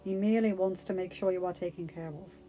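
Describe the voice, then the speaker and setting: A woman's voice: lowish voice, fairly even intonation, fast talker, dark tone, natural voice. A woman voicing a wry, teasing palace captain who gives a prince fatherly advice. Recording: dull lo-fi recording, faint music.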